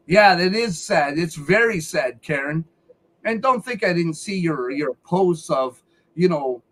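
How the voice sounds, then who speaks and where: A man's voice: high voice, a bit bright, rough recording. A man giving a heated, profane rant on a live stream, repeating himself as he talks. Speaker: featured speaker on a live call-in show.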